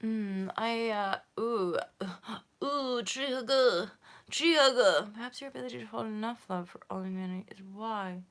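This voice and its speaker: A woman's voice: medium pitch, fairly even intonation, moderate pace. A woman chatting casually on a spiritual livestream, rambling, swearing freely and mocking herself. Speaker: spiritual vlogger.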